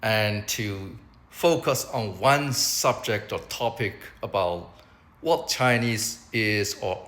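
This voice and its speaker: A man teaching beginners Mandarin, repeating each word slowly so learners can copy it. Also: lowish voice, bright, forceful tone, echoey room, rough recording. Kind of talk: beginner language lesson.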